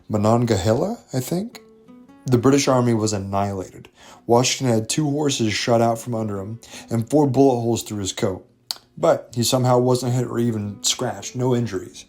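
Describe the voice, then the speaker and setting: A man's voice: on the low side, darkish tone. A man hosting a history video in casual, irreverent commentary with jokey digressions.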